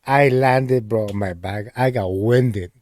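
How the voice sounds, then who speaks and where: A man's voice: fairly low pitch, slow pace, dry recording. Young man, casual storytelling, laughing, "bro" every line, dry recording. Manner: laughs often, says "bro" a lot, animated retelling. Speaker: podcast co-host.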